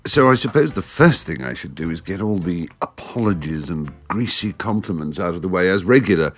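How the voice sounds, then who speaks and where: English man, very low voice, lively intonation, wry and theatrical, solo podcast host. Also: fairly quick. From England. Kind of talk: monologue podcast. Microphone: studio microphone.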